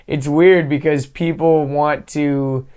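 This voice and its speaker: A young man hosting a podcast, talking in a relaxed, rambling way full of fillers. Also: fairly high pitch, slow, clear, resonant tone. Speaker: podcast host. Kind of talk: casual conversation.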